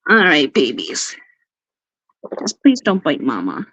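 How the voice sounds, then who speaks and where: A woman hosting a casual live stream, bubbly and quick to laugh, who baby-talks to her pets while she chats. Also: low-pitched, huge pitch swings, a bit bright, dry recording. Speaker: livestream host. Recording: dry, slightly dull livestream audio.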